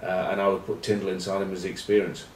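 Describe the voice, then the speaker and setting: A low-voiced man hosts a casual rugby vlog, rambling on with wry, cheeky asides. He sits back from the mic, and his voice carries in a roomy, echoey space. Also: little pitch movement, quick pace, darkish tone, slight background noise. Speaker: rugby pundit and vlog host. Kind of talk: casual rugby chat to camera. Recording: roomy echo, distant mic.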